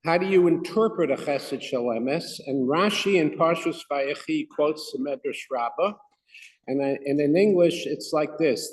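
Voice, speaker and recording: Lay speaker, male, a touch high-pitched, reading haltingly in a room with long reverb. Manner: hesitant, halting, with many restarts. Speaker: lay speaker giving a talk. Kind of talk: reading a prepared talk to a congregation. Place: synagogue room. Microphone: microphone not working.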